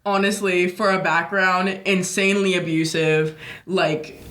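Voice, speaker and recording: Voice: medium pitch, steady tone, measured pace, bright, forceful tone, slight background noise. Young podcaster telling a story in an echoey room. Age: young adult. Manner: profane, rambling, many fillers. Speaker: podcast co-host. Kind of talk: casual storytelling.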